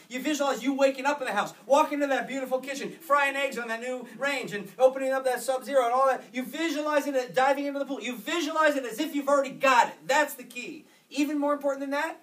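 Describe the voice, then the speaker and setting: A man giving a motivational talk to an audience, energetic and emphatic, with repeated phrases. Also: extremely high pitch. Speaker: motivational speaker. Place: office meeting room. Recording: distant mic in a room.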